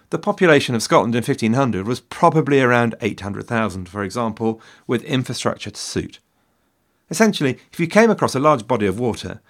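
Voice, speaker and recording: A man's voice: mid-range voice, a bit bright. Wry man narrating history. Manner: wry, dry humor with self-deprecating asides. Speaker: history podcast host. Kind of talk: scripted narration with asides.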